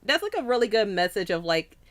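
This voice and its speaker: A woman chatting casually as a host, excitable, swearing freely and laughing often. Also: mid-range voice, brisk. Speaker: podcast host. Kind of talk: casual chat.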